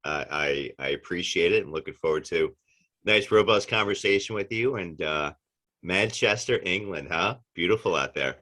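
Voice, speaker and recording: A man with a New York and New Jersey accent, chatting as an interview guest and telling lively anecdotes. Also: low-pitched, moderate pace. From Northeastern United States. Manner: animated storyteller, acts out dialogue. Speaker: actor guest. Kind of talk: casual interview chat.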